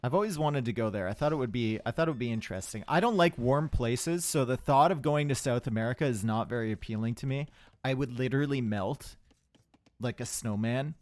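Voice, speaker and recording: A man's voice: medium pitch, animated, a little fast, darkish tone, no room sound. Chatty young male game caster, dry sound. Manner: chatty, rambling asides with the chat. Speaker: esports caster. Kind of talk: live game commentary.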